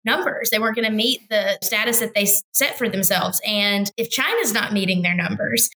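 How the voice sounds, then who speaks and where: Bright-voiced wry female podcast co-host. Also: medium pitch, normal speed, rough recording. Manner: wry and joking, laughs between points. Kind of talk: casual political chat.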